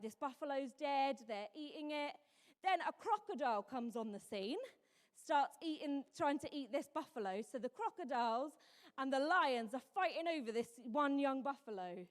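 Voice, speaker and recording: A young woman preaching a sermon in a chatty, self-mocking storytelling way, full of "like"s. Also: high-pitched. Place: church hall. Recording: long hall reverb.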